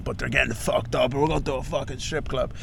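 A man's voice: mid-range voice, fairly even intonation, a little fast, creaky, a little hiss or hum. A young man telling a comic story on a podcast, swearing freely and acting out the voices of other people. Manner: swears a lot, acts out voices. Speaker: podcast co-host.

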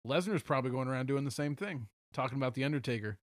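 A man's voice: mid-range voice, very fast, dry recording, studio quality. A young man co-hosting a casual podcast, teasing and swearing easily. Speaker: podcast co-host. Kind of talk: casual chat.

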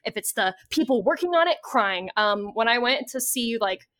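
A woman's voice: on the high side, expressive, moderate pace, fairly bright tone. A woman co-hosting a podcast in casual chat, gushing and emotional about what she loves. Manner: gushing, emotional, self-described crybaby. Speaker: podcast co-host.

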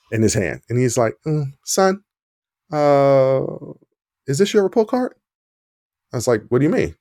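A man's voice: medium pitch, dry recording. Dry-voiced man telling a story. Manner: animated storyteller, acts out quoted dialogue. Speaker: podcast host.

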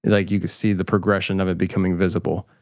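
Casual guest spot: middle-aged man, low voice, rambling, self-mocking, dry close sound. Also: level tone, fast talker, gravelly, no room sound. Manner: rambling and self-deprecating, many restarts. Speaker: podcast host, guest filmmaker. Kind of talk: casual interview chat.

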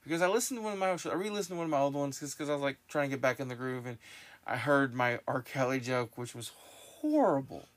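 A man's voice: mid-range voice, quick pace. Rambling male podcast host. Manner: rambling, animated storytelling with restarts. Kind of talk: casual podcast chat.

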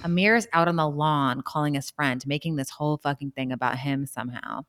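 A woman co-hosting a casual podcast, recapping a reality show with lively storytelling and quick asides. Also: deep voice, no echo, clean studio sound. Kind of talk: casual chat.

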